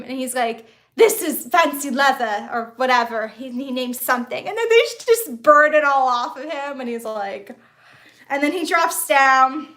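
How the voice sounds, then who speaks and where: Her voice sits high and sounds pushed and bright as she rambles through an informal live stream shot on a phone on a tripod. She talks chattily and reads the audience's comments aloud as she goes.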